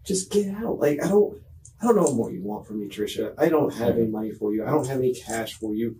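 A man talks in a police interview room, halting and agitated, restarting his sentences again and again. His voice is mellow and of middling pitch. A faint hiss sits under the recording. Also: distant mic, rough recording. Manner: agitated, pleading. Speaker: murder suspect under police questioning.

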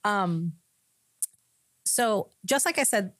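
A woman pastor sharing a personal testimony in a podcast conversation, telling it with animated storytelling. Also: medium pitch, very slow, no echo, studio quality. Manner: animated storytelling, acting out quoted voices.

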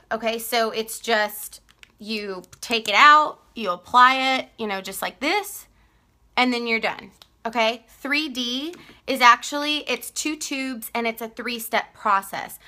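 Bright, chatty Texan woman selling makeup. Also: fairly high pitch. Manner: chatty, laughs often, greets viewers by name. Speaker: live-stream makeup seller. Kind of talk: casual live-stream sales chat.

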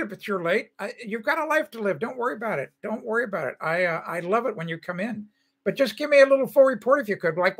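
A man's voice: sits high, a bit bright. An older man hosting a casual livestream, chatting loosely and reading out viewer comments as he greets people by name. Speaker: livestream host.

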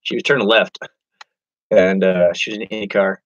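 A man with a fairly low voice rambles through a casual live stream, chatting with viewers and reading their comments aloud as he goes. He talks in an easy, wandering way about whatever comes to mind. The sound is dry and close, with no room around it. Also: flat delivery, brisk, no echo, muffled recording. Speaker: eBay reseller hosting a live stream.

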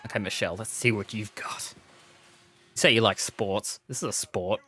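A streamer giving excitable, swearing livestream commentary, talking back to game figures. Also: mid-range voice, normal speed.

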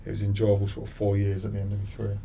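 A man's voice: fairly low pitch, completely flat delivery, rapid-fire, creaky, warm tone, distant mic, slight background noise. A man in his forties, a former footballer, chatting as a podcast guest with many restarts and repeated words. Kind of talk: casual interview chat.

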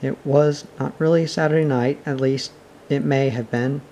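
Male audiobook reader, mellow, expressive children's story narration. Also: medium pitch, moderate pace, dull audio, slight background noise. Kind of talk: audiobook reading.

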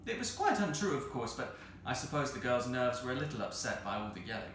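Man reading a storybook in a roomy hall. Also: mid-range voice. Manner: expressive, measured. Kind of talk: reading a children's novel aloud. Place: arts centre hall. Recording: roomy hall with faint noise.

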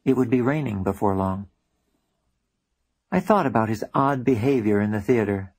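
A man's voice: on the low side, expressive, moderate pace, long pauses, a little mellow, slightly rough. A man reading his own book aloud as audiobook narration, telling the story in a plain, reflective way.

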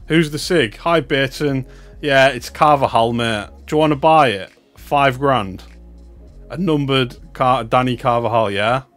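A man's voice: medium pitch, unhurried, fairly bright tone, soft background music. A young man with a North East English accent, chatting glumly and mocking himself as he opens cards for viewers on a livestream. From North East England. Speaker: card-opening streamer. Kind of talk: casual livestream chat.

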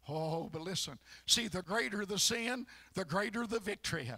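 A male pastor preaching a fiery sermon in church, breaking into shouts and filling every pause with "uh, amen.". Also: high-pitched, animated. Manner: shouting bursts, constant "uh, amen". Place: church sanctuary.

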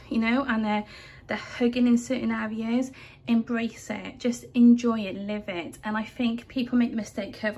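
A woman's voice: medium pitch, breathy edge. A young adult woman speaking earnestly to camera from her home, rambling and apologetic as she talks through her feelings. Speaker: vlogger. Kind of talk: emotional vlog rant to camera. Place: home, indoors.

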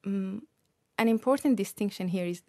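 A woman researcher being interviewed on radio, explaining her work in a measured, careful way. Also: medium pitch, a little mellow, dry recording, studio quality. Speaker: researcher guest.

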